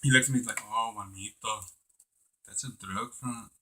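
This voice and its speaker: A man's voice: on the low side, steady tone, moderate pace, bright, forceful tone. A man improvising a rambling young Mexican man from Tijuana, with a put-on Mexican accent, telling a meandering, flustered story. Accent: put-on Mexican Spanish accent.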